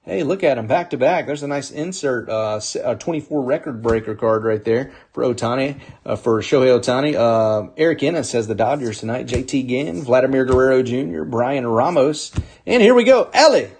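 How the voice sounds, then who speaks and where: A man's voice: medium pitch, normal speed, few pauses, darkish tone, slightly rough. A man hosting a live sports card break, upbeat as he calls out players and teams while opening packs.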